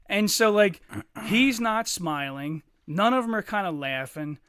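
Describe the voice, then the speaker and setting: Speaking unhurriedly in a high, clear, resonant voice, a podcast co-host casually recounts a long, profane story and animatedly mimics others along the way. It's studio quality with no room sound.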